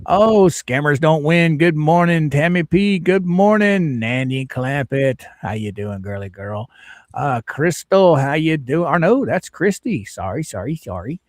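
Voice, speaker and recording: A man's voice: a little high, expressive, unhurried, darkish tone, dry recording, studio quality. A man hosting a livestream, chatting casually and greeting viewers one by one by name in a folksy way. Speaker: livestream host.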